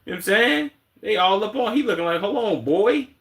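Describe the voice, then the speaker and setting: A man's voice: sits high, quick pace, gravelly. Profane man in his twenties. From Chicago, United States. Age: 20s. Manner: animated, profane, acts out quotes in put-on voices. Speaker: streamer reacting to videos. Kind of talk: casual livestream commentary. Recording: roomy echo.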